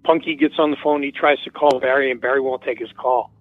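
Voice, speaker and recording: A man's voice: mid-range voice, steady tone, brisk, no echo, faint music behind. Man rambling over a tinny phone line. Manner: rambling, acts out quoted dialogue. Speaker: musician guest. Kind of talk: casual anecdote in an interview.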